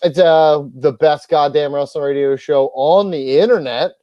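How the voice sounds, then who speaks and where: A man's voice: a little high, moderate pace, no room sound, highs cut off. Profane, rambling man on a podcast. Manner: profane, rambling storyteller, animated quoting. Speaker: podcast host. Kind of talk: casual podcast banter.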